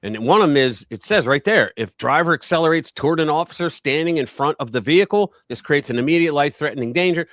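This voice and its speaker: A man hosting a casual political live stream, talking in an animated, rambling way and acting out quotes in a raised voice. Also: a little high, quick pace, hardly any pauses, dry recording.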